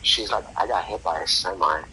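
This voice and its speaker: Lower-voiced man telling profane stories. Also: a little fast, a crowd in the background. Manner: profane, laughing anecdotes with slang. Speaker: podcast host. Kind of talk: casual storytelling chat. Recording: noisy background.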